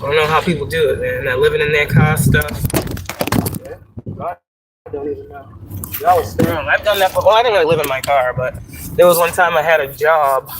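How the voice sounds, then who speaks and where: A woman's voice: low-pitched, a little fast, background noise. A woman chatting casually on a live stream while driving, profane and rambling, laughing often. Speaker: spiritual vlogger. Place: in a car, driving. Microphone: phone.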